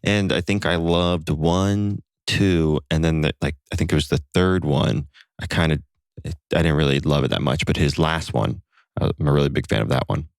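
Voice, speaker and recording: Male podcast guest, very low voice, animated storyteller, dry close sound. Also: moderate pace, creaky, clean tone, dry recording. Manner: animated, acts out voices in anecdotes. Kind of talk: casual chat and storytelling.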